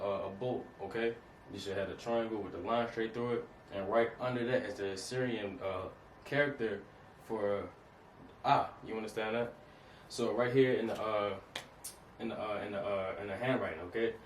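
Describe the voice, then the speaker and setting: A man giving a casual lesson, often repeating himself and checking in with his listeners. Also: on the low side. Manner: repeats points, checks in with "okay?" and "you understand that?". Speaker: teacher. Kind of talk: casual instructional talk. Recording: echoey room, distant mic, faint hiss.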